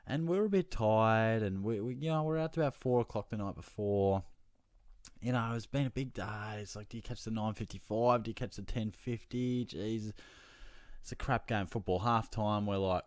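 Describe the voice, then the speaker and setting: A young Australian man hosting his own fantasy football show, telling a casual, animated story about his weekend and swearing freely along the way. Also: fairly low pitch, moderate pace, no echo, clean studio sound.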